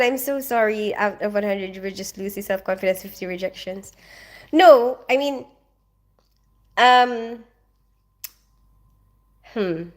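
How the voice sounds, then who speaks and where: A woman hosting a casual livestream, chatting with viewers and giving reassuring advice, full of "you know" and "like". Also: fairly high pitch. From Philippines. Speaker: livestream host.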